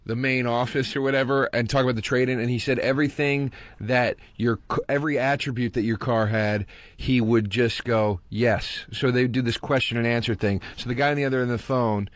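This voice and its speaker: A man on a podcast asking prodding questions and telling stories in an animated way. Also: mid-range voice, brisk, dry recording. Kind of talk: casual podcast chat.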